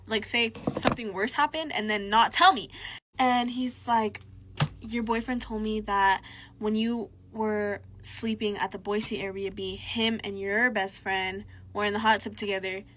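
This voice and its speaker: A young woman tells a personal story straight to camera, full of slang and "like". Her voice is bright and a touch higher than most, and she keeps her delivery animated. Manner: animated, slangy, lots of fillers. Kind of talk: casual storytime vlog.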